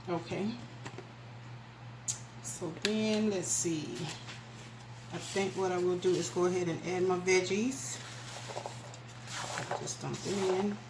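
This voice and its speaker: A woman, chatting folksily to viewers as she demonstrates a recipe in her small home kitchen, filming it herself. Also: on the low side. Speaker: cooking channel host. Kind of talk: casual cooking demonstration. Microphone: camera mic, filming alone. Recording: echoey kitchen with background noise.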